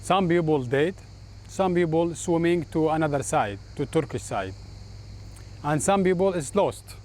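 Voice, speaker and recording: A man telling his story in halting, broken English with many restarts. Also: on the high side, lively intonation, a little mellow. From Iraq. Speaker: interviewee, former army officer.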